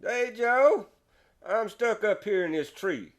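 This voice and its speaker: A slow-witted redneck stuck up a tree whines in a high Texas drawl, as a folksy man puts him on. The voice is pitched well above the teller's own and begs for help. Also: expressive. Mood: pleading. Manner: drawling, pleading, raised pitch.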